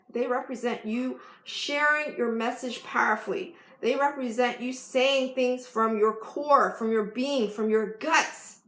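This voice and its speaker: A woman life coach giving an emphatic motivational vlog talk, laughing often. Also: a little high. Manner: bursts into loud yelled affirmations. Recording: echoey room.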